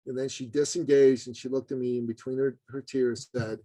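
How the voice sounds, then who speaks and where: Animated man telling a story, dry sound. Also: brisk, hardly any pauses, no echo, rough recording. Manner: animated, voice jumps high for emphasis; earnest, addresses host as brother. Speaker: podcast guest, business consultant. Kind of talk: storytelling in a podcast interview.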